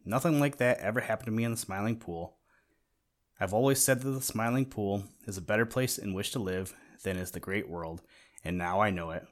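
A man voicing a stubborn old male frog in a storybook reading, speaking gruffly. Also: lowish voice, a little fast, lightly acted. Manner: gruff and grumbling.

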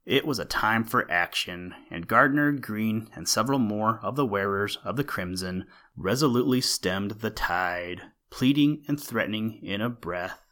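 A man narrating an old-fashioned school story in a steady, expressive reading. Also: on the low side, moderate pace, few pauses.

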